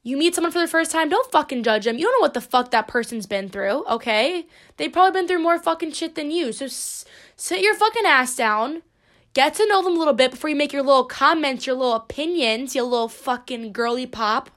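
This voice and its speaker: A woman's voice: high-pitched, expressive, a little fast, a bit bright. A young woman hosting her own podcast, talking in a rambling, playful and profane way. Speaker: podcast host. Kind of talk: casual solo podcast monologue.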